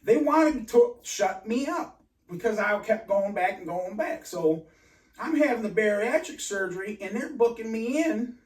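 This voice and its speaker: A man telling a rambling personal story in an agitated, halting way, full of restarts and swearing. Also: sits high, lively intonation. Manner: profane. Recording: roomy and distant from mic.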